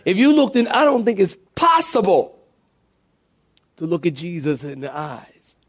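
A man preaching a sermon live in church as a pastor, animated, acting out quoted voices with many fillers. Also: high-pitched, measured pace.

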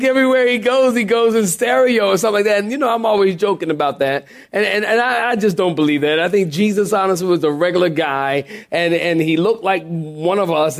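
A man preaching a sermon live in church as a pastor, animated, acting out quoted voices with many fillers. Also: a little high.

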